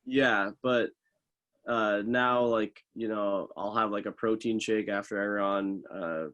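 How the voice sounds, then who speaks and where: A man's voice: on the low side, slow, lo-fi sound. A young man, a professional runner, talking casually in an interview, loose and full of fillers. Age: young adult. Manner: relaxed, loose, many fillers like "like" and "uh". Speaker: professional middle distance runner, guest.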